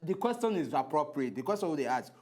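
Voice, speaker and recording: A man from Nigeria with a Nigerian Pidgin accent, arguing on a talk-show debate and repeating words in quick bursts. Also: fairly high pitch, sing-song, a crowd in the background. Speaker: co-host.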